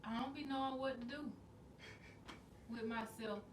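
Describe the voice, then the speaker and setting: A woman co-hosting a casual podcast, telling stories in a relaxed, rambling way. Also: fairly high pitch, normal speed. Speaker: podcast co-host. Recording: roomy, distant mic with faint noise.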